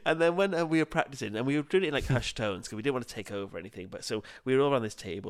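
A man's voice: medium pitch, animated, racing, few pauses. A man, co-hosting a podcast and telling an anecdote in casual chat, laughing often and acting out what people said. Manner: laughs often, acts out quotes in other voices. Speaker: podcast co-host.

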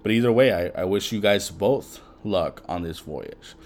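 Dude hosting a podcast solo, kinda low voice, rambles and swears a ton. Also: male voice, lively intonation, measured pace. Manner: rambling, heavy swearing, lots of fillers. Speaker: podcast host. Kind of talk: casual chat.

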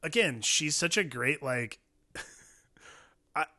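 A man's voice: on the high side, expressive, slow, bright, forceful tone. A man in a casual film discussion, loose and chatty, dropping swears and fillers. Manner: loose, swears, lots of likes.

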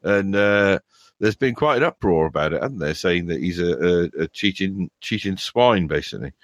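A podcast host with a very deep voice, telling rambling stories with frequent chuckles. The sound is dry and close. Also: male voice, lively intonation, normal speed, dry recording. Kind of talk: casual podcast chat.

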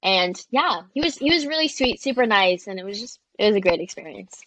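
A woman's voice: medium pitch, brisk, dry recording. A young woman, a social media creator and interview guest, chatting animatedly and full of "like"s. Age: young adult. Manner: chatty and animated, many "like"s, quoting people. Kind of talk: casual storytelling in an interview.

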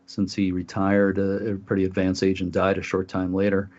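A man's voice: sits low, monotone, moderate pace, darkish tone. A man co-hosting a talk show, telling a story casually with many fillers and restarts. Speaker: podcast co-host. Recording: dull lo-fi audio.

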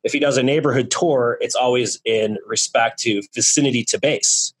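A man guest in a casual interview, talking in energetic, joking bursts about his marketing business. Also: mid-range voice, moderate pace, husky, poor audio. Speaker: guest, real estate marketing business owner.

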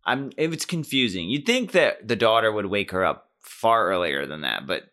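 Young male podcast co-host, bright tone, lively pitch, rambling and jokey. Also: normal speed. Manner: joking, rambling with many fillers. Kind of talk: casual chat.

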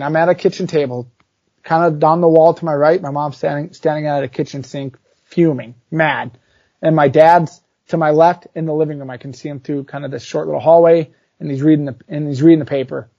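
A man's voice: a little high, brisk, no echo. Chatty man telling a funny story. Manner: animated, chatty, full of fillers like "like" and "dude". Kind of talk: casual storytelling. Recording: dull lo-fi recording.

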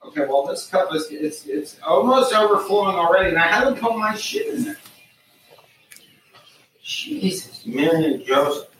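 A man's voice: high voice, big pitch swings, normal speed, fairly bright tone, reverberant, a little hiss or hum, rough recording. A man hosting a podcast, chatting casually in a profane, wired way, jittery from coffee, often trailing off to a mutter. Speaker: podcast host and chef. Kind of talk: casual banter.

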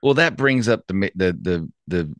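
A man in casual chat, reflective and measured, speaking from his own experience. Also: deep voice, very animated, no echo.

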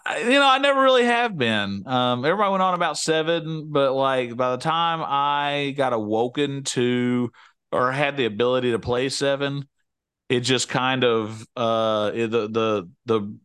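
A man's voice: mid-range voice, moderate pace, a bit bright, clear, resonant tone, no echo. A man co-hosting a podcast, chatting casually in a rambling, joking way with many restarts. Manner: rambling, self-interrupting, jokey. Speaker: podcast co-host. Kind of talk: casual chat.

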